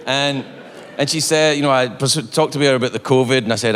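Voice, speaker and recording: A Scottish man doing stand-up comedy, telling an animated story that swings between loud outbursts and low asides. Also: fast talker. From Scotland. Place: theater stage before a live audience. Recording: long hall reverb, audience noise. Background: audience laughter.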